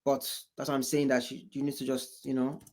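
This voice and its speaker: A man's voice: medium pitch, monotone, brisk, a loud crowd. A man from Africa giving casual reaction commentary, rambling and repeating himself with exasperated asides. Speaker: commentator reacting to a debate show.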